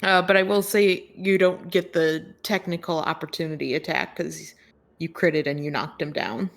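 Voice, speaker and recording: A woman narrating as game master of a tabletop game, relaxed, with lots of fillers and laughter between lines. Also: sits low, moderate pace, vocal fry.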